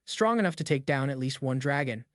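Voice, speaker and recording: A man's voice: mid-range voice, lively intonation, fairly quick, a bit bright, no room sound, close to an everyday voice. A man voicing a talking sacred sword who trains a young hero, blunt and matter-of-fact, in a dry recap voice-over. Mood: stern. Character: sacred talking male sword, bossy mentor.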